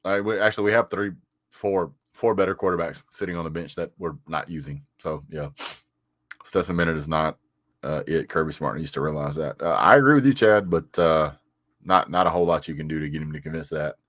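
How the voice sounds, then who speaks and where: A man's voice: a bass voice, a little fast, fairly bright tone, no room sound, studio quality. A man doing a casual live stream, reading viewers' comments aloud and answering them with frequent "sir"s, little chuckles and stammered repeats. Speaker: sports vlogger reading live chat.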